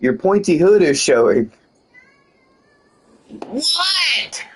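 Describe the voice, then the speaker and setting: A man's voice: medium pitch, expressive, a little slow, a little mellow, poor audio. A man streaming a video game and chatting casually, joking and swearing a lot and laughing often. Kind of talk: casual gameplay commentary.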